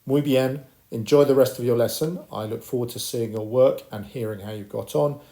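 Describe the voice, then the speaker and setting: A man teaching a primary school Spanish lesson, encouraging the children and slowly modelling phrases for them to repeat. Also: medium pitch, warm tone. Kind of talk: recorded classroom lesson.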